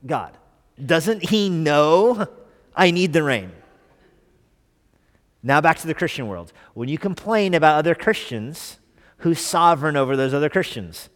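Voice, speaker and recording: A man's voice: on the high side, big pitch swings, unhurried, pauses often. Man preaching a conversational sermon in a reverberant church. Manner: conversational, asks the congregation questions. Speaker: pastor.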